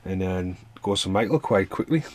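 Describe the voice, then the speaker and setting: Low-voiced man rambling a film rant. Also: animated, moderate pace. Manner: rambling, swears freely, laughs between points. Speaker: film reviewer. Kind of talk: casual ranting film review.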